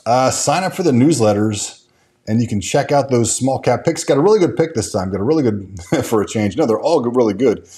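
Running a laid-back stock market livestream, this host rambles through viewer chat messages and replies, with many fillers and restarts. He has a medium-pitched, mellow, expressive voice and talks a little fast.

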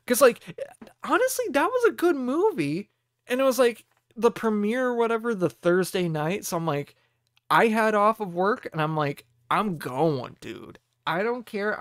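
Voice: mid-range voice, no echo, studio quality. A young adult podcast host in their twenties, chatting casually on their own in a meandering way, with many fillers. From United States. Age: 20s. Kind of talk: casual solo chat.

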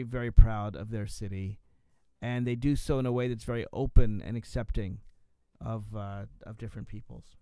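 A male talk radio host with a smooth, resonant voice, recorded dry and close on a studio mic. He talks loosely, with plenty of uhs and restarts. His pitch sits in an ordinary middle range. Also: darkish tone, dry recording. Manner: conversational, with frequent fillers and restarts.

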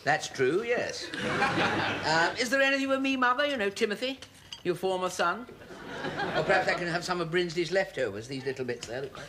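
An actor playing an awkward, self-pitying grown son, flustered and sarcastic. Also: male voice, high voice, animated, fairly quick, background noise. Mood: sulky. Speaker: put-upon son. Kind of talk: sitcom acting.

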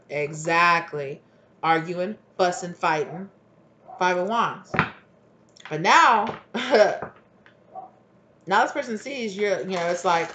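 This solo tarot reading to camera goes slowly, delivered in a mid-range voice over background noise. The reader rambles, filling and restarting often, and plays out both partners' parts in imagined arguments.

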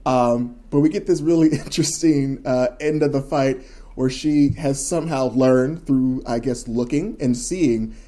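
A man's voice: mid-range voice, measured pace, mellow. A man co-hosting a podcast, talking in a loose, rambling, enthusiastic way with lots of fillers. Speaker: podcast co-host. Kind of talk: casual chat.

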